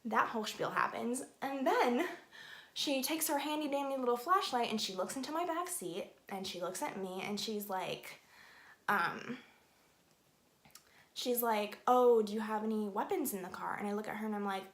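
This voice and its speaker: A young woman tells a long story in a casual, animated way, filling it with "like" as she does her makeup. Her voice sits a bit high. The room around her is echoey. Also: moderate pace. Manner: chatty, animated, lots of "like". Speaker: beauty vlogger.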